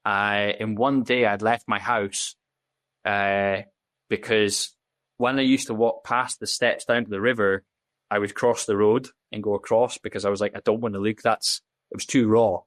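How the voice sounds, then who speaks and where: A man's voice: on the low side, steady tone, moderate pace, fairly bright tone, dry recording. A man, a podcast guest telling his story in candid, casual talk, blunt and full of swearing, acting out the dialogue he quotes. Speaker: podcast guest, safety officer.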